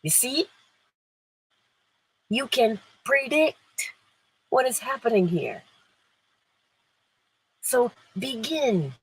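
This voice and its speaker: Woman, livestream host, animated pitch, very clear smooth tone, playful, laughs often. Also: drawn-out words, pauses often, low-quality recording. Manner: laughs often, playful and emphatic, reads chat. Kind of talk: inspirational livestream talk.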